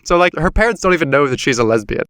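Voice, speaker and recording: Podcast guy retelling a story, kinda high voice, swears a lot, dry close mic. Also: racing, clear, resonant tone, dry recording. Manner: animated storyteller, swears casually. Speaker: podcast host. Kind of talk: casual chat, retelling a story.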